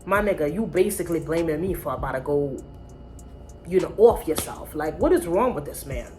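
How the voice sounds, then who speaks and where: A woman vlogger telling a casual storytime, blunt, profane and animated. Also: deep voice, brisk, soft background music.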